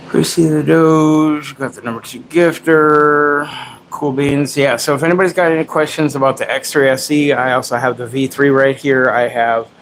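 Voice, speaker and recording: A man's voice: mid-range voice, fairly bright tone, a little hiss or hum, rough recording. A man hosting a casual livestream from home, rambling, mocking himself and baby-talking to his dog. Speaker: livestream host.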